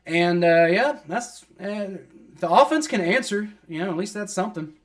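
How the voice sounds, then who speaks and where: A man's voice: high voice, expressive, moderate pace. A man giving live play-by-play of a football game as a fan, exasperated, complaining and swearing casually. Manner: exasperated, complaining at refs and players; swears casually, many fillers like "like". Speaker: fan streamer doing play-by-play.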